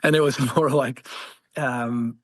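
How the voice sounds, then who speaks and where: A man in his forties, a former Marine guest, telling war stories in casual conversation, animated and laughing as he acts out quoted voices. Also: medium pitch, slow. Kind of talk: conversational storytelling.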